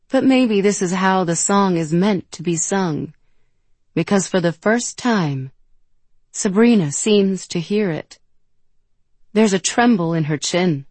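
A woman narrating an audiobook in a measured, gentle storytelling manner, close to the mic. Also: medium pitch, animated, no echo. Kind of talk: scripted narration.

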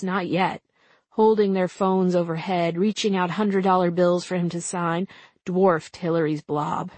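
Woman in her 30s reading her memoir out loud, wry and chatty, dry booth sound. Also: fairly low pitch, no echo. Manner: wry, conversational. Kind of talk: audiobook memoir narration.

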